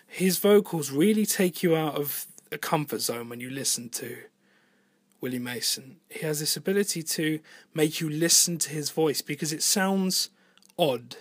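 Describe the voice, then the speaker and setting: A man's voice: fairly high pitch, normal speed, breathy edge, no echo. Rambling man, dry close sound. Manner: rambling, thinking aloud, casual swearing. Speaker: singer-songwriter. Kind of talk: casual spoken monologue about album production. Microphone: home voice recording.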